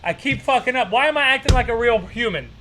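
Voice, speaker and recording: A man hosting a stream, reacting to clips in a rambling, profane, excitable way. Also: very high-pitched, fast talker, noisy background. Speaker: streamer host. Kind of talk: casual reaction commentary.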